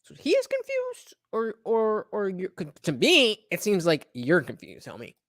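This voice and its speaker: Man, sarcastic reaction streamer, mocking tone, very animated pitch. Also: normal speed, no echo, clean studio sound. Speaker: commentator reacting to podcast clips.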